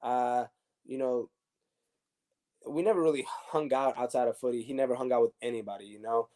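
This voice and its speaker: Mellow-voiced man telling stories, animated. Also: mid-range voice, moderate pace. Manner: animated, many restarts and fillers. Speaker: former pro soccer defender, guest. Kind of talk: casual interview storytelling.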